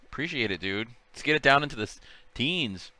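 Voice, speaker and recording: A man's voice: mid-range voice, expressive, a little fast, sharp tone, no room sound. A man co-hosting a card break livestream, telling jokey stories and laughing often in casual chat. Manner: joking storyteller, laughs often.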